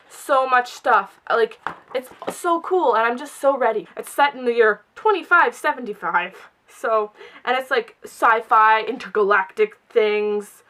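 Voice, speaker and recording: Young woman, bubbly book vlogger, high-ish voice, chatty and excitable. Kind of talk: casual chat to camera.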